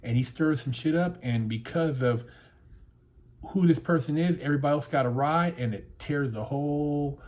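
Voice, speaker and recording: A man who hosts a motivational channel, ranting in a casual monologue, blunt and profane, repeating words as he gets worked up. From United States. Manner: blunt, swears freely, repeats words when heated; voice climbs in pitch and loudness when worked up.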